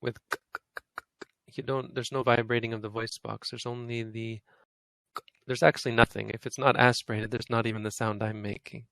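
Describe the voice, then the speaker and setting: A man's voice: mid-range voice, flat delivery, normal speed, gravelly, a bit bright, dry recording. A man teaching a language lesson, patiently explaining and demonstrating sounds over and over.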